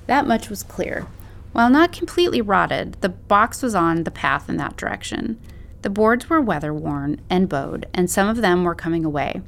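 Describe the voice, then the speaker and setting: A woman narrating a story as an audiobook in a steady, measured way. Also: fairly low pitch, gravelly.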